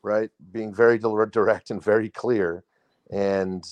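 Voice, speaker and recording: Low-voiced man explaining in casual chat. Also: fairly even intonation, a little slow, clean tone, no room sound.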